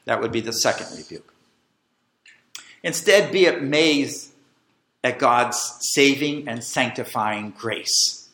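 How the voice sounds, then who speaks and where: A middle-aged man preaching a sermon as pastor, emphatic and animated, calling the congregation to repeat after him. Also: mid-range voice, slow. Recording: echoey room.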